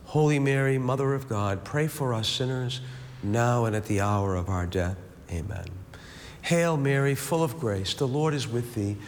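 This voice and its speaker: Male prayer leader, measured rosary recitation, reverberant room, light background noise. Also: medium pitch. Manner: steady rhythmic recitation, falling on each amen; slow reflective speaking in the meditation. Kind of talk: leading a recited rosary with a meditation. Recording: long reverb, faint background hiss.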